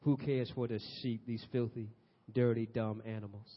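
A man preaching a sermon, swinging from loud urgent exhortation to soft, near-whispered passages. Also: medium pitch, steady tone, normal speed. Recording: dull lo-fi audio.

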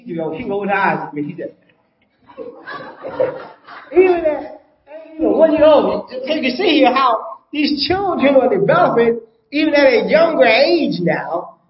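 A man's voice: extremely high pitch, reverberant, dull audio. An older man preaching a sermon as pastor, emphatic, repeating his points and asking the congregation rhetorical questions.

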